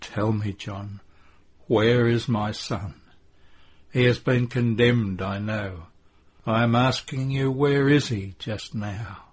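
A man voicing a grieving mother who pleads breathlessly and rises into high cries during a devotional story reading. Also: slow pace, slightly rough. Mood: anguished. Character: grieving old mother, gentle but anguished.

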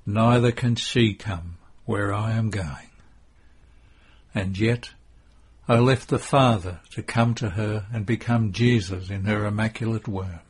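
A man reading as Jesus, grave and tender, in a devotional audiobook. The voice is low and husky, and each line is spoken slowly and deliberately. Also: fairly even intonation. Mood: sorrowful, tender. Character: solemn, tender adult male Jesus bidding farewell.

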